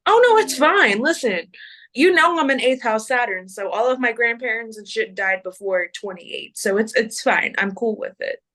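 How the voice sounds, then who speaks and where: A woman with a Kentucky accent, chatting in a casual, bubbly way on a live astrology stream. Her voice sits a little high, and she sprinkles in y'all. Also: lively intonation, normal speed, fairly bright tone.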